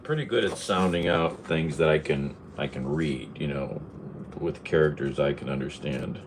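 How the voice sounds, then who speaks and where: A man's voice: a bass voice, normal speed, background noise. A man chatting casually and rambling as he chops onions in his home kitchen, chuckling to himself. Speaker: vlogger. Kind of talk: casual cooking vlog.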